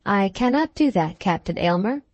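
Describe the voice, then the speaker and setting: A woman reading the part of a resolute young Victorian woman in an audiobook, measured and firm. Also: mid-range voice, expressive, a little mellow, no echo, highs cut off, natural voice.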